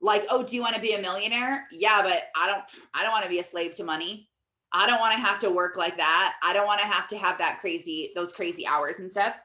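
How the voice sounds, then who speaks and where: A woman in her thirties coaching in a chatty, casual teaching talk, animated storytelling full of fillers. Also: on the low side, a little fast. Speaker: life coach.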